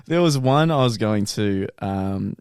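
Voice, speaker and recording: A man's voice: lowish voice, lively intonation, unhurried, a little mellow, smooth, no echo, studio quality. A young Australian man co-hosting a casual podcast, telling rambling dating anecdotes with plenty of laughter and restarts. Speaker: podcast co-host. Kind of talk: casual chat, storytelling.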